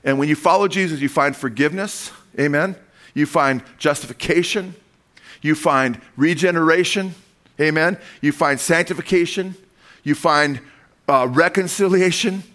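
A middle-aged man delivers a sermon, his voice sitting slightly high for a man. He preaches with animated energy, punctuating his points with call-and-response amens. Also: normal speed. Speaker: pastor.

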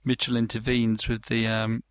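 A man's voice: medium pitch, completely flat delivery, moderate pace, no room sound. A man casually talking over a show, rambling with lots of fillers and restarts and acting out quoted lines. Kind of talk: casual chat.

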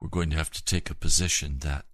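An earnest male preacher delivers a sermon, shifting between quiet and forceful tones and slowing to emphasize key points. His bass voice is steady in tone, and the recording has no room sound.

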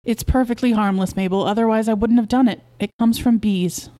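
A woman voicing an excitable, proud middle-aged beekeeper husband who coaxes and insists, in a storybook reading. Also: on the high side, a little fast, close to an everyday voice. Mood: excited.

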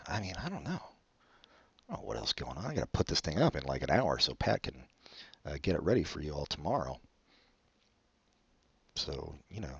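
A man with a deep voice rambles through a solo podcast episode, mumbling and putting himself down as he drifts between thoughts. The recording is dry and a little dull, with no room sound. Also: creaky, a bit bright, husky, no echo. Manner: mumbling, self-deprecating, trails off. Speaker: podcast co-host.

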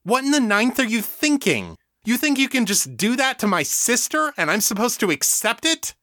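A man reading an audiobook, voicing an indignant young male psychic healer who shouts at a collective mind. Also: medium pitch, expressive, normal speed, no echo, clean studio sound, lightly acted. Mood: outraged.

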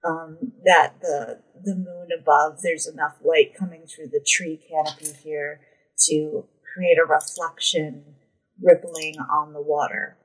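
Husky woman narrating as game master. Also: low-pitched, steady tone, a little slow, fairly bright tone, poor audio.

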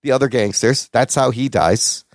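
A man co-hosting a podcast, chatting casually and excitedly, swearing often and swinging his pitch up and down. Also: moderate pace, no room sound, studio quality. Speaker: podcast co-host. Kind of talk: casual chat.

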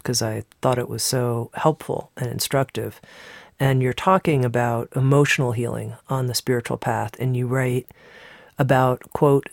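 A woman's voice: extremely low pitch, vocal fry, a little mellow, dry recording. Woman, podcast host, affirming, dry close sound. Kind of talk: interview.

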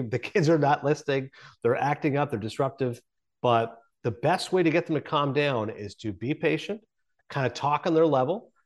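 Guy in his 40s talking about parenting, earnest, thinks out loud, mid pitch. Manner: earnest, reflective, many restarts. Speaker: guest, sports broadcaster. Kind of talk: conversational interview.

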